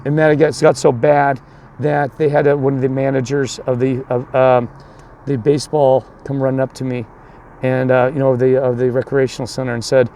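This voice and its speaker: A man's voice: mid-range voice, flat delivery, brisk, dark tone, a little hiss or hum. A man coaching youth baseball tells a long story in a rambling way, restarting often and acting out the other people, then turns it into a sermon. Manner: repeats and restarts a lot, voices the other people in his story.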